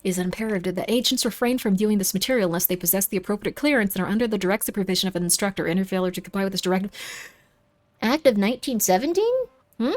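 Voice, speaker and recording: A woman's voice: medium pitch, racing. A woman streaming a game live, chatting playfully and reading the on-screen text aloud. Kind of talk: live-streamed gameplay commentary.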